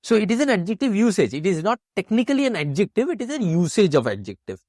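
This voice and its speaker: Man teaching grammar, lively pitch. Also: fast talker, no room sound, studio quality. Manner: explains step by step, asks and answers his own questions. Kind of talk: exam-prep grammar lesson.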